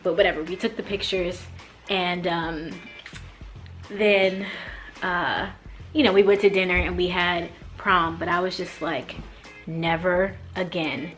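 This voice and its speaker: Animated young woman vlogger, faint music. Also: a little slow. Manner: animated, acts out quotes with big pitch jumps. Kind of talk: casual storytime.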